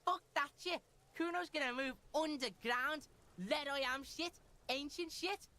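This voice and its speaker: A woman's voice: high voice, measured pace, pushed and bright. A woman voicing a brash, hostile young boy in a video game, who swears constantly and speaks of himself in the third person. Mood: sneering.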